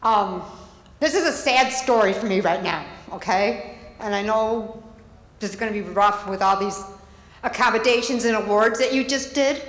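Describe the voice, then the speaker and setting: At a podium microphone in a village board meeting hall, a grieving woman speaks as a public commenter, tearful and angry, her voice breaking. Her mid-range voice is fairly bright and moderately paced, and the echoey hall adds long reverb.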